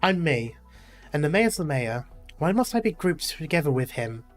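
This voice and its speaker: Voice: mid-range voice, big pitch swings, normal speed, faint music behind, close to an everyday voice. A streamer reading a stern young doctor. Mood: resentful. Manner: firm, scolding.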